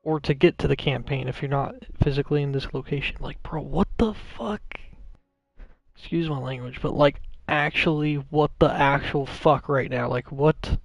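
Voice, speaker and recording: A man's voice: mid-range voice, flat delivery, normal speed, gravelly, hardly any pauses, no room sound. A man commenting on his game live, rambling and swearing in frustration. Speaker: streamer.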